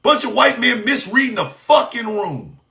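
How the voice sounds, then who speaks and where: A man delivering an impassioned, profane monologue, shouting in bursts and firing off mocking rhetorical questions. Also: extremely high pitch, sing-song, moderate pace, vocal fry.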